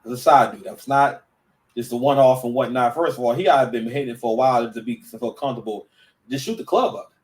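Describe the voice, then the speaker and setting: A man's voice: mid-range voice, fast, recorded from a distance, poor audio. A man giving casual reaction commentary, stammering and restarting, full of slang. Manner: stammering, slang-heavy, animated.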